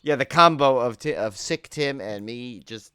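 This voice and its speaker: A tired man co-hosts a podcast in casual chat, his medium-pitched voice pushed and bright at a normal speed. The sound is clean with no echo, and he rambles and jokes while drifting onto tangents.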